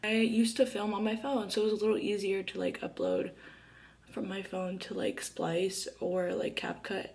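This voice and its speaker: A woman's voice: mid-range voice, normal speed. A woman, chatting casually to camera about herself while doing her makeup. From Arizona, USA. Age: early 20s. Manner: chatty and bubbly, heavy use of "like" fillers. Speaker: YouTuber.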